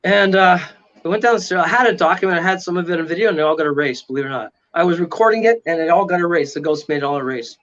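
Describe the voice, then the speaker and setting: Racing along in a slightly high, fairly bright voice, a man who investigates the paranormal tells a story as a guest with dramatic flair, voicing its characters and sound effects. His audio is dull lo-fi.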